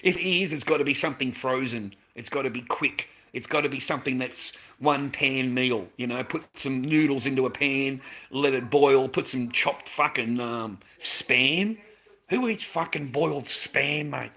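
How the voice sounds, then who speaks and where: Australian dad, fired-up ranting vlogger, sharp bright tone, swears a lot. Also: male voice, medium pitch, normal speed. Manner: heated, swearing, rants, calls the listener "mate". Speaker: vlogger, father. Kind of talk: ranting monologue to camera.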